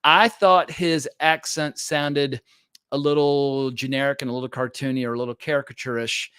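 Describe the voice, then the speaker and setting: A man's voice: mid-range voice, little pitch movement, normal speed, sharp tone, clean tone, no echo, studio quality. A man hosting a casual film discussion, opinionated, asking questions and breaking off to restart sentences. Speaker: film podcast host.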